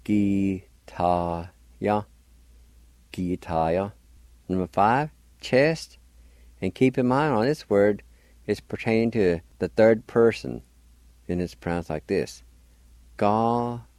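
A man's voice: on the low side, animated, unhurried, a little mellow, no echo. A man teaching a language lesson on the radio, patiently spelling words letter by letter and sounding them out.

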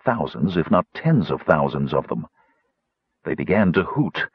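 Low, husky-voiced male narrator. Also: sing-song, no room sound, dull audio. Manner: measured storytelling, shifting into character voices. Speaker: audiobook narrator. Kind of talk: scripted fantasy narration.

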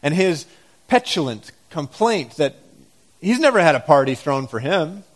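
A man's voice: on the high side, sing-song, a little slow. Man preaching a reflective sermon. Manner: reflective, questioning the congregation, dramatic scripture reading.

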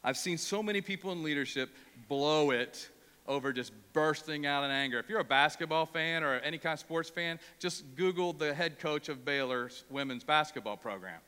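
A man's voice: a little high, moderate pace, pushed and bright, clean tone, in a large hall. A male pastor from Ohio preaching a sermon, emphatic and prone to repeating words when worked up.

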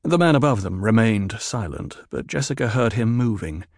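Gravelly male audiobook narrator. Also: on the low side, animated, normal speed, a little mellow, no echo, studio quality.

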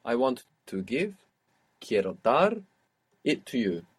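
A man's voice: mid-range voice, sing-song, slow pace, slightly rough. A man teaching a language lesson, patiently prompting a learner and confirming her answers.

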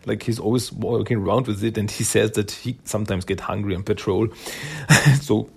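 A man's voice: lowish voice, lively intonation, moderate pace, creaky, husky. A man casually recapping a comic book's story, rambling with many fillers and acting out the characters' lines. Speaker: comic book reviewer.

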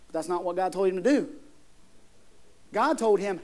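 A man's voice: high-pitched, expressive, moderate pace, long pauses. A man preaching a sermon as pastor, asking the congregation questions and building to emphatic points.

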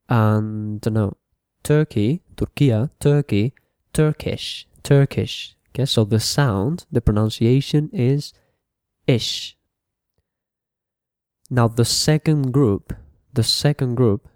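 A man teaching a beginner English lesson. He speaks patiently, repeats each word and adds quick translations, often checking with okay. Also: medium pitch, dark tone, no room sound, clean studio sound. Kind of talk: slow bilingual beginner lesson.

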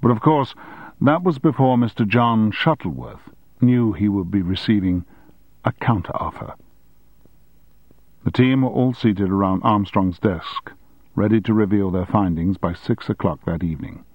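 A man narrating a novel in a measured, even storytelling manner. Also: on the low side, dry recording, muffled recording. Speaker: audiobook narrator. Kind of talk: scripted narration.

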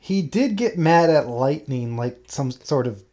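A woman with a notably low voice talks through a movie in loose, casual chat. She makes dry, sarcastic remarks about the scenes as they play. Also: expressive, measured pace, dark tone. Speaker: podcast co-host.

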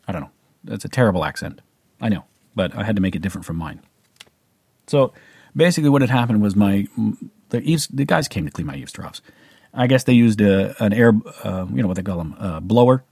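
Husky low-voiced Canadian man rambling. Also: lively intonation, a little fast, warm tone, no echo, clean studio sound. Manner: rambling, many fillers and restarts. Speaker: vlogger. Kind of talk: casual personal storytelling.

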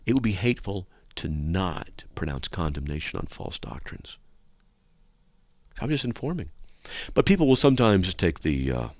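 A man's voice: sits low, sing-song, normal speed, a little mellow, no room sound. A man hosting a talk radio show from a studio, lecturing sarcastically and reading listener emails aloud. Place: radio studio with a control room window.

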